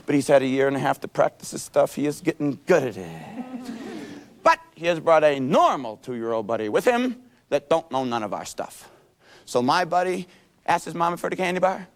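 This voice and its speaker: A man giving a self-help seminar lecture in a folksy, playful storytelling manner. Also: a little high. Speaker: seminar speaker.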